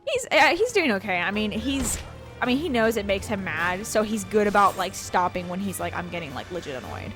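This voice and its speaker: A woman's voice: medium pitch, expressive, moderate pace, music in the background. A woman co-hosting a let's play, telling a long rambling story in casual chat while gaming. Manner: rambling storyteller, heavy use of "like". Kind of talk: casual chat over gameplay.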